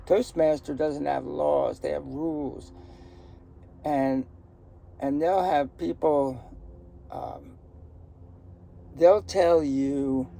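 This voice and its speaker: Gravelly older man telling stories. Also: a little high, mellow, a little hiss or hum. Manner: rambling, joking, outspoken. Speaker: storyteller. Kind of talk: casual personal storytelling. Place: outdoors in a garden.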